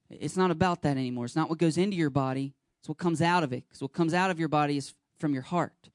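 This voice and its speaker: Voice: mid-range voice, darkish tone, no echo, clean studio sound. Earnest pastor preaching a sermon. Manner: earnest, urging, speaks directly to listeners; acts out short dialogue scenes.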